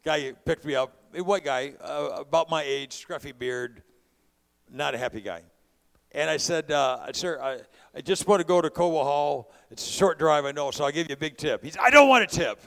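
A man's voice: on the high side, normal speed, vocal fry. Impassioned male preacher. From California. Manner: preaching with rising bursts of volume; conversational storytelling. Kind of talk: sermon.

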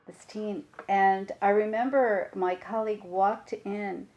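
A woman giving a dharma talk as a meditation teacher, reflective and unhurried, with frequent pauses and fillers. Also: medium pitch, fairly even intonation, dull audio.

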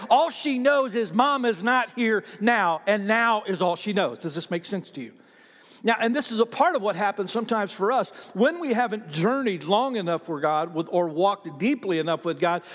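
A man preaching with a high voice that climbs and drops as he builds each point. His words trail off into a long reverb, as if he stands in a large sanctuary. He talks straight to the people in front of him and keeps checking that they follow. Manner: animated preaching, rising and falling, with asides to the congregation. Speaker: pastor. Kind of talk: sermon.

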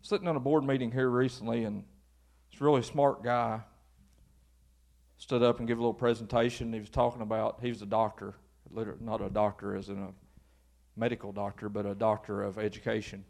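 A male pastor preaching an informal, folksy sermon that builds to animated exhortation. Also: fairly low pitch, fairly quick, vocal fry.

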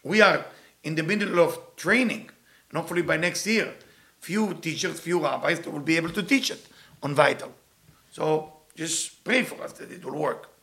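Middle-aged teacher, high bright gravelly voice, emphatic, keeps repeating his points. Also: moderate pace. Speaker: Torah teacher. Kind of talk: animated Torah lesson.

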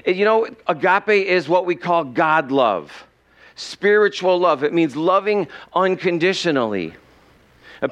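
A man as pastor, preaching a sermon in a slow, earnest storytelling way with dramatic pauses. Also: on the high side, a bit bright, clear, resonant tone.

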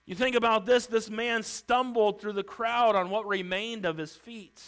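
A man preaching a sermon as pastor, emphatic, swinging between loud declarations and hushed lines, acting out pleas. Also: very high voice, low-quality recording. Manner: acts out Bible characters' pleas.

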